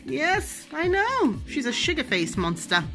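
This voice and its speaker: A woman's voice: high voice, sing-song, a little slow, over loud music. A young adult woman, a mother playfully teaching her child words with toys, sing-song and making animal sounds. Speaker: parent teaching Shona words.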